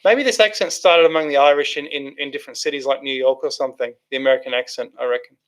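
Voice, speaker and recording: A man's voice: mid-range voice, quick pace, fairly bright tone. A man hosting a casual livestream, reading out chat comments and rambling with many restarts and fillers.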